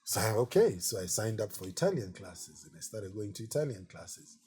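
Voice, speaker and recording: A middle-aged man, an artist being interviewed, telling relaxed anecdotes in a chatty way and often saying "you know". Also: fairly low pitch, brisk. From Kenya.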